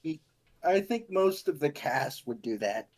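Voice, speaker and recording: Slightly high-voiced joking man. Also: big pitch swings, measured pace, darkish tone. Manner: joking, wry quips. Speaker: streamer co-host. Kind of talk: casual stream chat.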